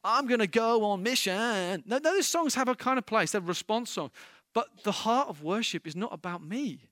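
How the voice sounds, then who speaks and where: Bright, high-voiced impassioned male preacher. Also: big pitch swings, normal speed, no room sound, clean studio sound. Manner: impassioned, rising to emphatic peaks. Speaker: pastor. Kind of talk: sermon.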